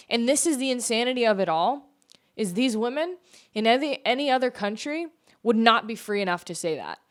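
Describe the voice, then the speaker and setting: American woman, mid-range voice, hosts a solo podcast with pointed, argumentative political talk. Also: mid-range voice. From United States. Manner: emphatic, argumentative, full of rhetorical questions. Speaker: podcast host. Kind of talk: opinionated political commentary monologue.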